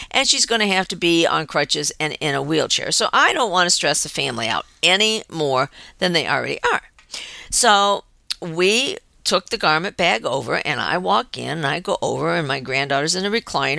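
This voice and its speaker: Older woman, show host, chatty storyteller, low voice, bright sharp tone. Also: vocal fry, no room sound. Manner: chatty, animated storyteller acting out quoted voices. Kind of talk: personal storytelling monologue.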